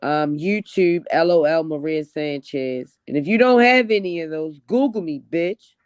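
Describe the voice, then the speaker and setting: Smooth-voiced laid-back woman comedian. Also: deep voice, normal speed, no echo. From Baltimore, US. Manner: laid-back, hesitant with fillers. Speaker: comedian guest. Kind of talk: casual podcast chat.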